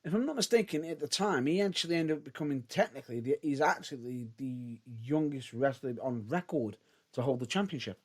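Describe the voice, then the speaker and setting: Male podcast co-host, casual chat, hedges a lot, lively bouncing pitch. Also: a little fast. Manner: hedging, restarts often, lively rises and drops.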